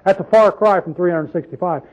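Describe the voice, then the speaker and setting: High-voiced man teaching the Bible. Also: brisk, a little mellow, low-quality recording. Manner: conversational, asks the audience questions, tells folksy asides. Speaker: preacher.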